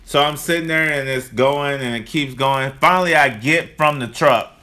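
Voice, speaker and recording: Animated man with a bright voice. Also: medium pitch, moderate pace. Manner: animated, acts out quotes loudly. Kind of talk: casual storytelling.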